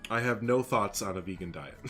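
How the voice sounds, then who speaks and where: A man's voice: fairly low pitch, a bit bright. A man live-streaming a game, chatting casually with his viewers in a rambling, jokey way and laughing often.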